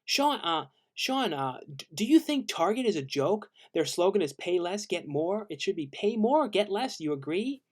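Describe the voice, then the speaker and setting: A man doing a goofy, high drive-through customer. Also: very animated. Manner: rambling, halting. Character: chatty young male drive-through customer.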